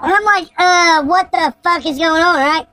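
High-voiced woman telling a story. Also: moderate pace, rough recording. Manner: profane, excited storytelling. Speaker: podcast host. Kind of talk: casual podcast chat.

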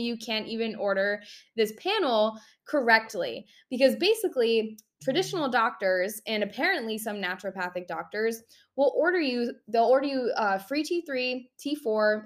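A young adult woman telling a candid personal story in a chatty, frank way, full of fillers and the odd swear word. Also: a little high.

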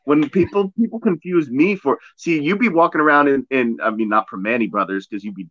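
A man's voice: medium pitch, fairly quick, dry recording. A man hosting a podcast, joking and riffing playfully in casual banter. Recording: dry, slightly dull mic sound.

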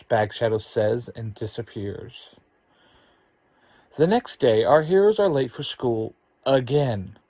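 A man narrating an adventure story in an expressive, unhurried way. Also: mid-range voice, dry recording.

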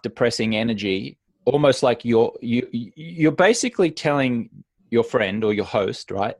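A man's voice: mid-range voice, no room sound. Emphatic man giving sobriety advice, dry sound. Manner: animated, acts out little scenes in other voices; emphatic, repeats key points. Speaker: sobriety coach. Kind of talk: conversational podcast advice.

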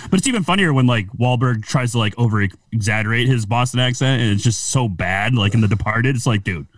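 Lively wisecracking man, off-mic. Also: mid-range voice, brisk, dry recording, recorded from a distance. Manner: wisecracking, short jabs. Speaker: podcast co-host. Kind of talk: casual podcast chat.

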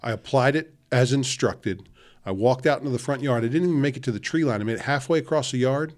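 A man co-hosts a relaxed podcast chat. He tells long anecdotes and voices the people in them as he goes. His pitch sits in the ordinary middle range. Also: quick pace. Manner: storytelling, acts out quoted dialogue. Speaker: podcast co-host. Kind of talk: casual chat.

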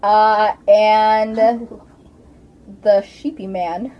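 A woman's voice: medium pitch, clear, resonant tone, muffled recording. A woman narrating as game master in a casual tabletop game, with playful asides. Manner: unhurried, animated storytelling with playful asides.

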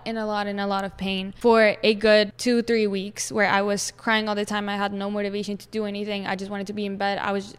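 A woman's voice: medium pitch, clean tone, long reverb tail. A young woman hosting a personal podcast, talking frankly about her own life, swearing freely and calling her listeners "besties.". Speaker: podcast host. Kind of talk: candid personal podcast monologue.

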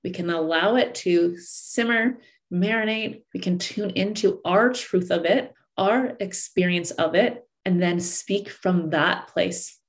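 A woman's voice: fairly low pitch, slow. A woman relationship coach giving an earnest coaching talk to listeners, repeating and rephrasing her points. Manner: earnest, repeats and rephrases, acts out angry partners.

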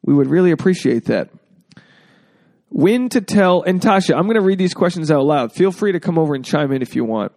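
A man's voice: on the high side, expressive, a little fast, a little mellow, dry recording. A man hosting a casual podcast, joking freely and acting out quotes in exaggerated voices. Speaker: podcast host.

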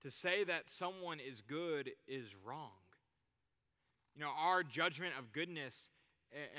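A man's voice: sits high, sharp tone. A man preaching a sermon in a conversational way, using everyday examples. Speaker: youth pastor. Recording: reverberant hall.

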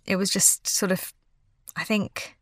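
A young woman who grew up in Australia, her accent softened by years in England, chatting in an interview and often correcting herself. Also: mid-range voice, steady tone, measured pace, dry recording, studio quality. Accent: Australian vowels, softened by years in England. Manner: chatty, self-correcting, laughs easily. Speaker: guest. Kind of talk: casual interview chat.

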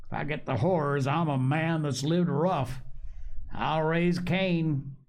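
A man's voice: on the high side, steady tone, takes it slowly, voice pushed up. A man voicing an ailing old male sea captain who craves rum, speaking in a coarse sailor's dialect with pleading and cursing.

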